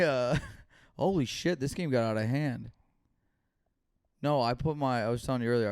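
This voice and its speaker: A man's voice: on the low side, vocal fry, darkish tone, smooth. A young man co-hosting a podcast, telling stories in casual chat with lots of swearing and acted-out dialogue. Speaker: podcast co-host.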